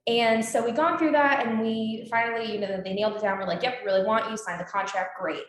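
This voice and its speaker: A woman's voice: on the high side, fairly even intonation, brisk. A woman in her twenties, a guest in a casual interview, telling a story with lots of fillers and quoted dialogue. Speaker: alumni guest. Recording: echoey room.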